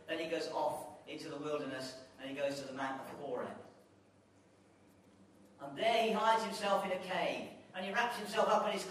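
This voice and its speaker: A man's voice: sits high, a bit bright, a little hiss or hum. A man preaching as a visiting speaker, in an impassioned, repetitive sermon style with restarts. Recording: echoey hall, distant mic.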